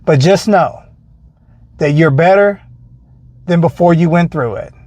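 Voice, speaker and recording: A man with a fairly high voice tells a story from his own day in a casual, earnest way, then draws a lesson of faith from it. The sound is close and dry, with no room around it. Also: measured pace, a little mellow, no echo. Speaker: faith vlogger.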